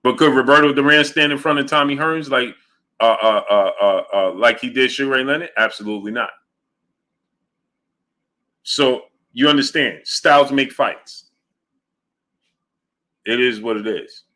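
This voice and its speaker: Male livestream host, bright voice at mid pitch, emphatic and argumentative, reads out chat messages. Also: normal speed. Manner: emphatic, argumentative, repeats his points. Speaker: boxing show host. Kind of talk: livestream commentary reading viewer chat.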